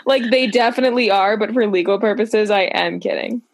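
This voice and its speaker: A woman's voice: mid-range voice, brisk, a crowd in the background. A young woman in casual podcast chat, joking with short interjections.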